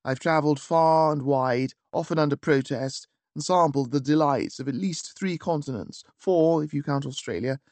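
A man narrating a first-person story in a wry, measured, theatrical manner. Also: a little high, a little mellow, dry recording. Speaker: audiobook narrator. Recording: dry close studio.

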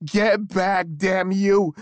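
Guy voicing a loud yelling panicky heavyset fella, high and strained. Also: fairly even intonation, extremely slow, smooth, no echo. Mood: panicked. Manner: shouting, loud. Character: florid thick-set panicking older man.

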